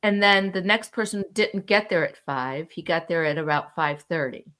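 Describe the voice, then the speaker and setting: A woman's voice: fairly low pitch, normal speed, fairly bright tone. A middle-aged woman co-hosting with her child, telling a long rambling story in casual chat, swearing now and then. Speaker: co-host, mother of the host.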